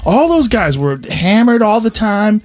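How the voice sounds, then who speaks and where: A man's voice: high voice, very animated, unhurried, darkish tone, no room sound. A man, a comedian in casual chat, talking bluntly and swearing freely. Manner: blunt, swears freely, chimes in with short agreements.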